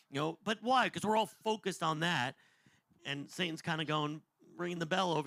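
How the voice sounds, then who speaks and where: A man in his fifties teaching on the end times in a loose, animated, jokey way, wandering off on tangents. His voice sits high and has a gravelly edge. The sound is dry and close, with no room around it. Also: normal speed, dry recording. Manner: animated, jokey, digressive, acts out voices in quotes. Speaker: podcast host and Bible teacher.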